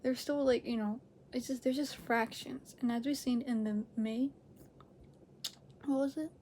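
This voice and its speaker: A woman hosting a reaction video, chatting casually at home. She rambles, corrects herself and laughs often, swinging between loud excited bursts and quiet near-whispers. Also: fairly high pitch, unhurried, a little hiss or hum. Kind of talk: casual chat to camera.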